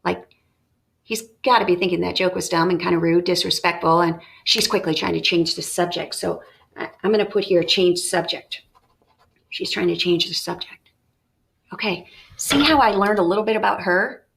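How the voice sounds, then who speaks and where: A woman's voice: fairly low pitch, a little fast, gravelly, a bit bright. A woman teacher giving a recorded lesson, explaining step by step and thinking aloud with questions.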